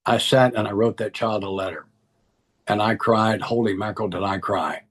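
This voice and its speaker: A man's voice: fairly low pitch, fairly even intonation, moderate pace, breathy edge. A middle-aged man, speaking earnestly and emphatically as he gives personal testimony to a recovery group, repeating key phrases.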